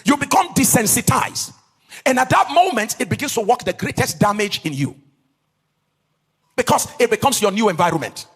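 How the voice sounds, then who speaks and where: High-voiced sing-song male preacher. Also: lively intonation, a bit bright, husky, big-room sound. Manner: sing-song preaching cadence, stretching key words; asks the audience questions and pauses for answers. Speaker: pastor. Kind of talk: teaching sermon to a live audience.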